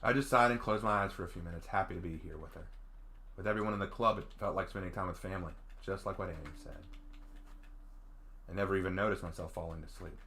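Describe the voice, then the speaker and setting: A man's voice: low-pitched, quick pace, pushed and bright, a little hiss or hum. A man hosting a let's play, reading his story's first-person narration and breaking in with enthusiastic asides. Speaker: game host and writer.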